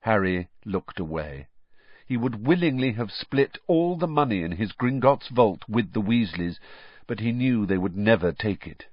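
A man narrating a storybook in an expressive, lively reading style. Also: on the low side, moderate pace, dry recording. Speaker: audiobook narrator. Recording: dull, dry, slightly lo-fi recording.

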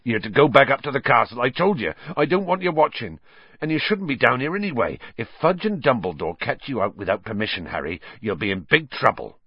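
A man voicing a huge, gentle gamekeeper who talks haltingly and shakily in a storybook reading. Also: medium pitch, sing-song, slightly rough, no echo, dull audio, pitched above the performer's own voice. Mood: resigned. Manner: halting, shaky speech.

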